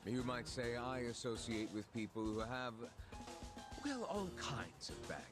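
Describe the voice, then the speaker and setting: An actor playing a polite, amused, persistent and shady gentleman in a video game dub. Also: medium pitch, sing-song, measured pace. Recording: game music underneath.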